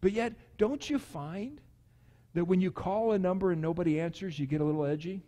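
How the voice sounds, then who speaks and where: A middle-aged man preaching a sermon as pastor, lively and acting out quotes with sudden jumps in pitch. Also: brisk. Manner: animated, acts out quotes with big pitch jumps. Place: church sanctuary. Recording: long church hall reverb.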